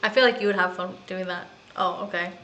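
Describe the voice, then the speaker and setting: A woman's voice: fairly low pitch, steady tone, fairly quick, pushed and bright, slight background noise, poor audio. A woman chatting casually and giggling as she plays a video game. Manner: chatty, giggly, self-mocking. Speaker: gaming streamer. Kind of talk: casual gameplay commentary.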